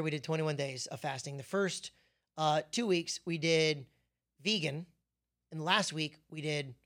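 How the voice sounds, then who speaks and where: A man's voice: a little high, fairly bright tone. A man hosting a faith podcast, preaching in a loose, joking, self-deprecating way full of asides.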